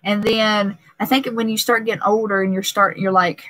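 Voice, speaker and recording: A woman's voice: medium pitch, level tone, moderate pace, a bit bright, dry recording, rough recording. A young pregnant woman hosting a casual live stream, talking emotionally and laughing often, with many restarts.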